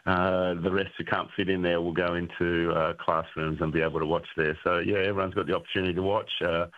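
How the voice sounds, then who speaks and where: A man joins a radio interview by phone, relaxed and halting, with plenty of ums. His voice sits very low. The line is narrow and tinny. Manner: relaxed, full of ums and uhs. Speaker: school sports director, guest.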